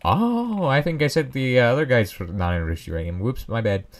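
A man's voice: mid-range voice, lively intonation, fairly quick. A young man casually commenting on his own gameplay, rambling and joking at his own expense. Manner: rambling, self-mocking, joking asides. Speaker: Let's Play host.

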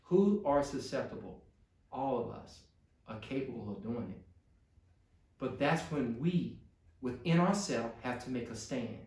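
A man's voice: mid-range voice, expressive, measured pace, pauses often, a little mellow, distant mic. A man preaching a sermon as pastor to his congregation, building to pleading intensity. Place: church sanctuary. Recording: echoey church room.

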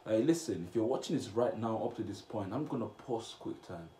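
A man's voice: fairly low pitch, expressive, fairly quick. Young man, blunt slangy vlog chat, echoey room, faint hiss. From Cameroon. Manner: blunt, slangy, bursts into loud outbursts. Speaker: vlogger reacting to comments. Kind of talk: casual reaction vlog.

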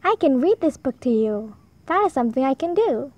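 A woman voicing a young male otter schoolboy in a storybook, earnest and pleading, a little higher than her narration. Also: big pitch swings, a little fast, darkish tone, no room sound.

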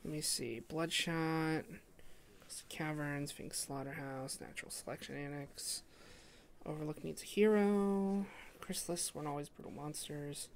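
A woman's voice: low voice, fairly even intonation, measured pace, a little hiss or hum. A woman hosting a casual let's-play, chatting with friends and planning out their next quests aloud. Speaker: host of a gaming channel. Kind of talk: casual game commentary.

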